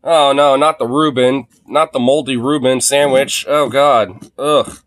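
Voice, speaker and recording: A man's voice: mid-range voice, steady tone, unhurried, fairly bright tone, no room sound. Guy ranting and cackling over clips on a stream, dead-dry mic, nothing fancy in the voice. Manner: profane, laughing, mocking impressions. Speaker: streamer reacting to videos. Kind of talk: casual live-stream commentary.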